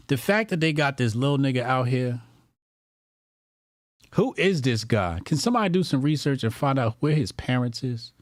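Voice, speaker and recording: A man's voice: medium pitch, no echo, clean studio sound. A man hosting a political commentary livestream, talking bluntly and profanely and reading out viewer donations. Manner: blunt and profane, with lots of repetition.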